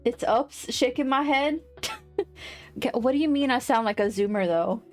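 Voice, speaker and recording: Woman, livestream chatter, rambling, laughs easily, slightly high voice, faint music behind. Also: measured pace. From United States. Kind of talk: casual livestream chat.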